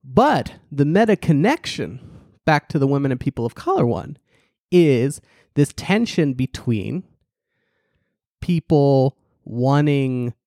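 Male podcast co-host, wry and animated, acts out quotes, dry studio sound. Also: slow pace, no room sound. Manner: animated, ironic, restarts and leaps in pitch for emphasis; acts out quoted people in mocking voices. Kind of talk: casual political podcast chat.

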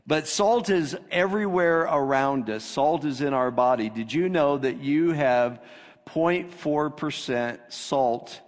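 A man's voice: on the high side, slow pace. A man preaching a sermon as pastor, reading scripture with rising emphasis. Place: church sanctuary. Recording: long reverb of a church hall.

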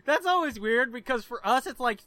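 Podcast co-host, man, mid pitch, bright tone, profane and giggly, dry close mic. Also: expressive, normal speed, no room sound. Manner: profane, laughs often, tells jokes. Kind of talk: casual chat.

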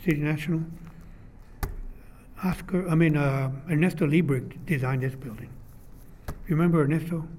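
Older man telling animated stories. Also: a little high, normal speed, long pauses, a little hiss or hum. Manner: rambling, animated storyteller who acts out quoted dialogue. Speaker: retired architectural designer. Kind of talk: oral history interview.

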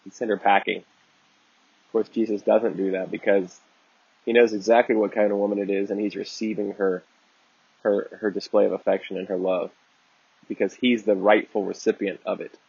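A man's voice: on the low side, level tone, moderate pace, creaky, long pauses, a little mellow, breathy edge, no echo, highs cut off. A man giving a conversational Bible teaching talk, earnest and digressive, often restarting his sentences.

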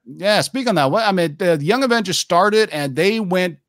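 A man's voice: high-pitched, expressive, moderate pace, a bit bright, dry recording. A man hosting a casual chat about comic books, rambling loosely and correcting himself as he goes, on a dry close mic. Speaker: podcast host.

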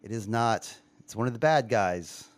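Man, casual quiz host, lively pitch, dry close sound, playful. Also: normal speed, no echo. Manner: playful, animated, laughs often. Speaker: podcast host quizzing co-hosts. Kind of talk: casual chat.

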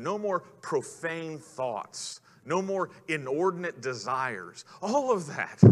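Male pastor, sermon, earnest, rhetorical questions, fairly high voice, slow delivery. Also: fairly bright tone. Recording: long hall reverb.

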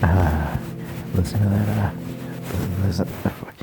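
A man's voice: sits low, fairly even intonation, a little slow, gravelly, heavy background noise. A young man making a joking amateur ASMR video, stammering, swearing often and mocking himself. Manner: rambling, stammering, swears a lot, self-mocking. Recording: music playing loudly behind.

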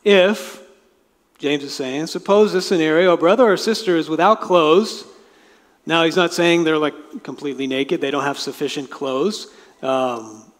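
A man's voice: fairly high pitch, a little slow. A man preaching a sermon as pastor, talking in a conversational way and explaining with asides. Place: church sanctuary. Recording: long reverb of a large hall.

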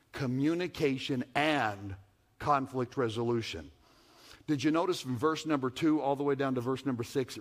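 A man preaching a sermon, repeating key phrases and swinging from hushed tones to loud calls. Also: mid-range voice. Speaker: pastor.

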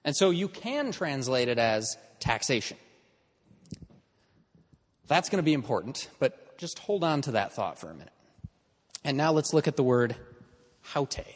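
A man's voice: medium pitch, very animated, unhurried, pauses often, slightly rough, in a large hall. A man teaching an in-person class in a conversational lecture style, checking in with his students as he explains.

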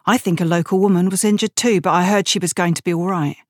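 A woman's voice: lowish voice, steady tone, fast talker, darkish tone, no room sound, clean studio sound, close to an everyday voice. A woman voicing a shaken, weary young male private in an audiobook, talking earnestly and with some hesitation.

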